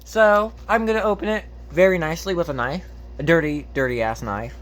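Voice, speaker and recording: A man chatting loosely through an unboxing, his voice sitting a little high for a man. He rambles, cracks jokes, wanders off topic and swears casually along the way. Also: fairly quick, a bit bright. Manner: rambling and jokey, goes off on tangents. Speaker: host.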